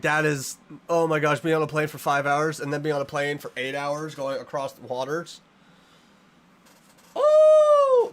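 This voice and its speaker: A man talking to his stream chat while he plays, in a slightly higher than usual voice. He is animated and playfully dramatic, thanking viewers and joking around with them. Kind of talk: live game stream chatting with chat.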